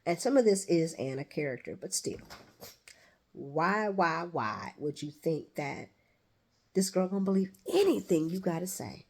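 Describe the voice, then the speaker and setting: A woman's voice: on the low side, lively intonation, a little slow. A woman giving a blunt, casual recap of a soap opera, talking back at the characters and swearing freely.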